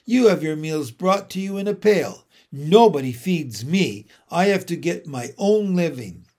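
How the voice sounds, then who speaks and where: A man's voice: on the high side, animated, measured pace, warm tone. A man reading a storybook aloud, voicing a small, clever female spider who explains things in a cool, matter-of-fact way. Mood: explaining. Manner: cool, practical, plainly explaining.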